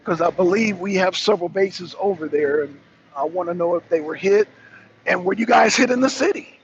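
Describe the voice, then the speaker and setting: A man's voice: sits high, fairly quick. Chatty man streaming to his viewers. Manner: loose, chatty, talks to viewers and chat. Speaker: talk show host. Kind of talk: casual live-stream commentary. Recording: dull lo-fi stream with faint noise.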